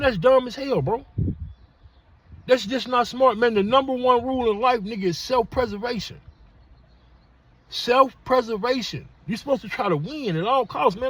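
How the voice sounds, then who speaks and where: A man's voice: very high voice, quick pace, no echo. A middle-aged man hosting a casual podcast monologue, blunt and profane in street talk. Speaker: podcast host.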